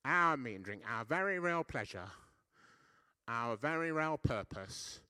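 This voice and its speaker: A man's voice: mid-range voice, expressive, a little slow, bright, forceful tone, smooth, no room sound, clean studio sound. A man giving a conversational sermon as a preacher, often checking in with his listeners and poking fun at himself. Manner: conversational, self-deprecating, frequent "yeah?" checks. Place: church.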